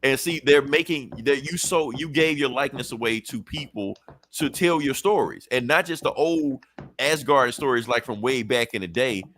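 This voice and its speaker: A man hosting a podcast, recapping a comic in a casual, animated way, swearing freely and briefly acting out characters' lines. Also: mid-range voice, moderate pace, a little hiss or hum. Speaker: podcast host.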